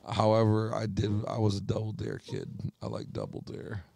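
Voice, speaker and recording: Give me a gravelly, laid-back man with a low voice, chatting casually as a podcast co-host. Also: big pitch swings, normal speed, darkish tone, no echo. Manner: laid-back, swears often, says bro a lot. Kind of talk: casual chat.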